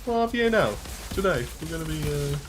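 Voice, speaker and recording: A man's voice: fairly high pitch, expressive, a little fast, background noise. A young man co-hosting a game stream, joking casually and laughing often. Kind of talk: casual gameplay chat.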